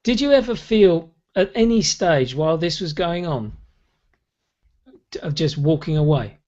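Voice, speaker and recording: A man hosting an interview podcast, speaking in a halting way with repeated words while encouraging his guest. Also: fairly high pitch, expressive, warm tone, dull audio. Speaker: podcast host. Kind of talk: interview chat.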